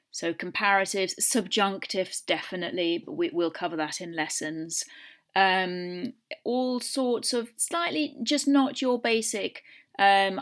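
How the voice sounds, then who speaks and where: A woman's voice: mid-range voice, measured pace, a bit bright. A woman language teacher, talking pupils through exam preparation in a chatty way with many fillers and acted-out example answers. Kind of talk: recorded lesson for pupils.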